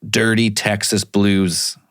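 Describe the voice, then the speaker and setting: A lower-voiced man chats on a podcast, laid back and swearing casually while he fills in details. His voice sits close and dry, with no room sound. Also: little pitch movement, takes it slowly, a bit bright, no room sound. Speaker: podcast co-host. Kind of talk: casual storytelling chat.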